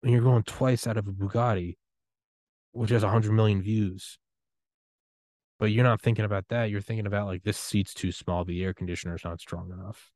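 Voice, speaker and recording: A young man hosting a podcast, giving a rambling, excitable solo rant full of swearing and trailing restarts. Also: fairly low pitch, normal speed, no room sound, clean studio sound. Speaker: podcast host.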